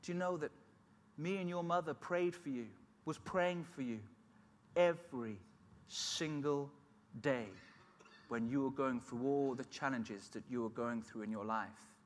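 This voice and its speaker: A man's voice: mid-range voice, moderate pace, close to an everyday voice. A man recounting the words of a kindly old woman at a wedding, in his own voice with little change. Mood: insistent. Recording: long hall reverb.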